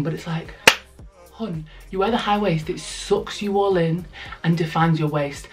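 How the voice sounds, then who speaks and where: A young British woman talks through a try-on haul in a candid, exclamatory way, calling the viewer "hun". Her voice sits a bit low for a woman. She is picked up from a few steps back in an indoor room, with faint music in the background. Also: moderate pace, distant mic. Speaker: vlogger. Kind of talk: casual try-on haul chat. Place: indoor room with a mirror and a stool.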